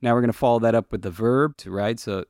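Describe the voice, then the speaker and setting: A man's voice: medium pitch, quick pace, a little mellow, no room sound, studio quality. A man being interviewed as a guest, casually explaining and coaching someone through pronunciation. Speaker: language creator, guest.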